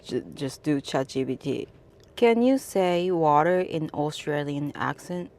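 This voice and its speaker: Cab driver from Japan, woman, telling a casual anecdote; slow, low, halting delivery. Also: darkish tone. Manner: halting, many restarts and fillers. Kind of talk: casual storytelling to camera.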